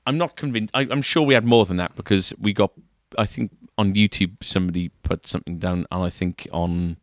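A man's voice: low voice, fairly quick, dry recording, clean studio sound. A man co-hosting a casual shop podcast, chatty and rambling, laughing easily. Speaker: podcast co-host, guitar shop staff. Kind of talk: casual chat.

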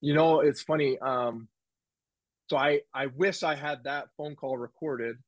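A man telling a personal story in a casual interview, animated and rambling, with restarts and quoted dialogue. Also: mid-range voice, unhurried, no room sound, muffled recording. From United States. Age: 20s. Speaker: guest, former football player. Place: home office.

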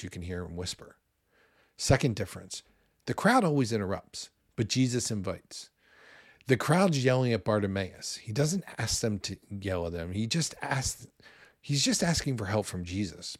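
A man in his forties preaching a sermon in a conversational, animated way, with loud bursts when he acts out what people say. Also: lowish voice, no echo, studio quality. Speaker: pastor.

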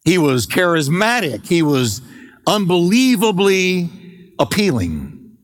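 A middle-aged man pastor preaching an emphatic sermon, slowing and stretching key words for weight. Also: high voice, big pitch swings, big-room sound. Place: church sanctuary.

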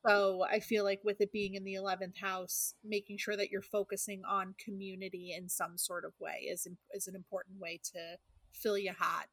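A woman's voice: mid-range voice, flat delivery, normal speed, fairly bright tone, no room sound. A woman co-hosting a podcast, chatting casually about astrology, laughing easily and reading horoscope text aloud. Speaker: podcast co-host.

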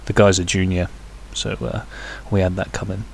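Man, podcast host, lowish voice, halting, filler-heavy, swears and jokes. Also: flat delivery, creaky, a little hiss or hum. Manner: rambling, hesitant with many fillers, crude jokey asides. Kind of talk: casual solo podcast chat.

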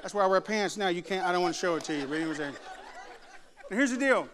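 In church, a middle-aged pastor tells humorous stories during his sermon, acting out others' voices as the congregation laughs. His voice is high-pitched and fairly quick. Some chatter and slight background noise can be heard.

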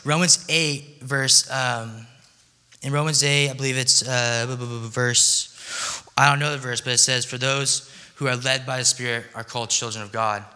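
A man's voice: mid-range voice, pushed and bright. A young man giving a casual, joking sermon as a pastor, chatty and self-deprecating, with slang. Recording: long hall reverb.

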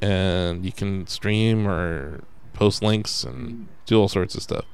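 A man hosting a casual podcast, talking in an animated way and swearing when he gets worked up. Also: lowish voice, takes it slowly, gravelly, smooth. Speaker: podcast host.

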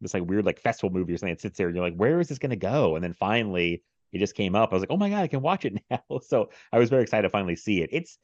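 A man's voice: deep voice, rapid-fire, few pauses, a little mellow, no echo, lo-fi sound. A man hosting a podcast, chatting casually about movies, rambling with many fillers and frequent laughs. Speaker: podcast host.

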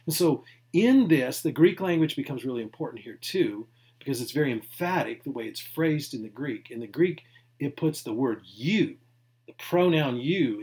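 Man preaching, loud then hushed. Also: mid-range voice. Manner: emphatic, swinging from loud to near-whispered asides; conversational, with restarts and small laughs. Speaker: pastor. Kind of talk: sermon.

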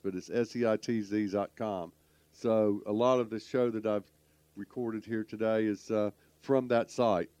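A man's voice: medium pitch, darkish tone, no echo. A man hosting a radio talk show, folksy and rambling, often stumbling over his words. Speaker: podcast host.

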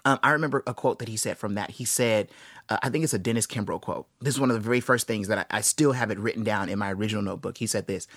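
Lively, low-voiced young man telling stories. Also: racing, dry recording, clean studio sound. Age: 20s. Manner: animated and enthusiastic, with playful asides. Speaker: podcast host. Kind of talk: casual storytelling monologue.

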